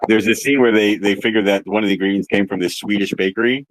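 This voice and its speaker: Deep-voiced man, halting casual talk. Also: fairly even intonation, dry recording. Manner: hesitant, many ums and restarts. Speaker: animation writer. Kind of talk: casual interview chat.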